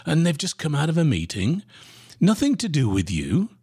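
A man hosting a podcast, giving sales advice in an animated, emphatic coaching manner with sudden pitch jumps. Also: normal speed, breathy edge. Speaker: sales trainer podcast host. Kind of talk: solo podcast talk.

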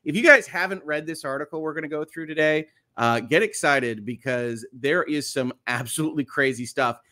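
A man's voice: on the high side, moderate pace, bright, forceful tone. A middle-aged man, hosting a casual morning live stream in an upbeat, chatty way with many fillers. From United States. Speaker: host.

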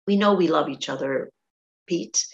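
A woman hosting a podcast speaks in a very low voice with plenty of gravel. Her telling is rambling and emotional, full of restarts and asides. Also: moderate pace, dull audio. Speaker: podcast host. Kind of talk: casual interview chat.

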